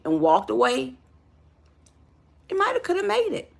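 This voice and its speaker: A woman's voice: fairly high pitch, big pitch swings, normal speed, vocal fry, long pauses, sharp tone, husky. A woman life coach giving an emphatic motivational talk, calling the listener honey and baby.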